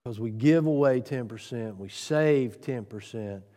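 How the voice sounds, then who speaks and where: A man preaching a sermon on giving, earnest, piling up rhetorical questions and swinging from loud to soft. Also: mid-range voice, measured pace, in a large hall. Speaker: pastor.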